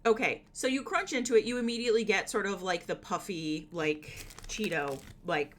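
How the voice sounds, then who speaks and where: A woman's voice: mid-range voice, normal speed, slight background noise. A woman streaming from home, chatting casually with her viewers, giggling often and rambling through lots of fillers. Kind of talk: casual live-stream chat.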